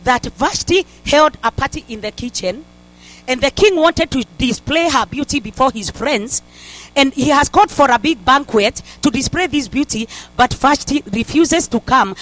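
A high-voiced woman preaching a fervent sermon. She exhorts her listeners, circles back to the same refrains, and often restarts her sentences mid-phrase. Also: rough recording. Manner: fervent, repeats "in the mighty name of Jesus", stumbles and restarts.

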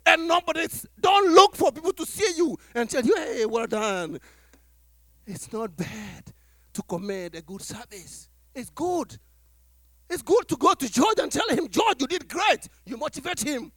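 A pastor preaches to his congregation in an extremely high voice at a measured pace, with no room sound. He's animated, acting out small dialogues and laughing as he goes.

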